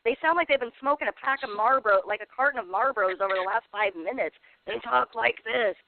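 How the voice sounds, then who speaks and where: A man's voice: sits high, fast talker, a little hiss or hum. A man hosting a radio talk show, reading history items and laughing often, with hesitant fillers. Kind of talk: casual comedic radio chat. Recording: dry, tinny phone-like radio sound.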